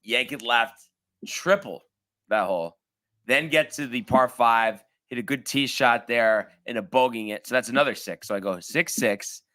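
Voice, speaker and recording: A man's voice: medium pitch, normal speed, bright, forceful tone. A man co-hosting a casual sports show, telling a long story in a rambling way with lots of fillers. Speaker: podcast co-host.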